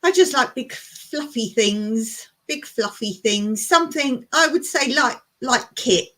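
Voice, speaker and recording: A woman's voice: a little high, animated, takes it slowly, bright, forceful tone. A woman hosting a casual live chat, reading viewer comments aloud and laughing often as she talks. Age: older. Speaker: live stream host.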